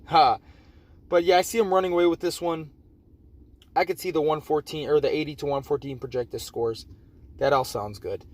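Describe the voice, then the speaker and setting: A man's voice: a little high, fairly even intonation, normal speed, pauses often, a little mellow, rough recording. A tired man hosting a fantasy football league preview in a casual, rambling way, with slightly slurred speech and frequent self-corrections. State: tired, late at night. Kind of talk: casual game preview commentary.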